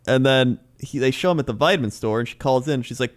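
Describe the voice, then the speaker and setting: A man's voice: medium pitch, quick pace. A man co-hosting a podcast, telling a story in casual chat, mimicking voices and laughing often. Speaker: podcast co-host.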